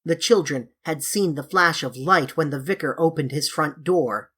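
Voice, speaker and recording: A woman reading a classic children's novel aloud in a measured, expressive storybook narration. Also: sits low, breathy edge. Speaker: audiobook reader.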